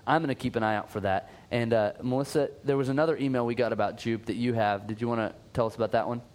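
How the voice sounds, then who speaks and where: A man's voice: mid-range voice, fairly even intonation, fast, darkish tone. A man co-hosting a casual comedic podcast, rambling and jokey, over-explaining small details. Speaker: podcast co-host.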